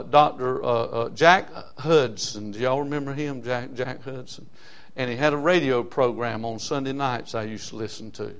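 An older man, preaching and telling a story in a sermon, breaking his sentences with repeated fillers. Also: medium pitch. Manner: halting, with many repeated fillers.

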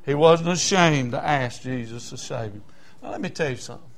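An older man preaches a sermon emphatically, his mid-range voice moving briskly as he swings between loud exclamations and hushed asides.

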